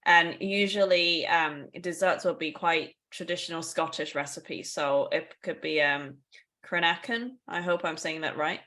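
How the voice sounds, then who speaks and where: A woman's voice: lowish voice, fairly even intonation, a little slow, sharp tone. A woman co-hosting a casual podcast, explaining things in a chatty way with asides and small laughs. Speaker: podcast co-host.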